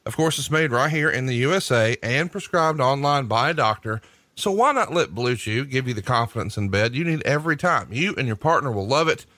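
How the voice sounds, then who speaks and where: Bright-voiced jokey male podcast host. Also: medium pitch, lively intonation, dry recording. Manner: brisk, jokey, promotional. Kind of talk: casual podcast ad reads.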